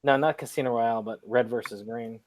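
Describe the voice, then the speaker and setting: A man chatting casually about a film, animated, quoting scenes and laughing. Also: medium pitch, no echo. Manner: animated, quick to quote and laugh.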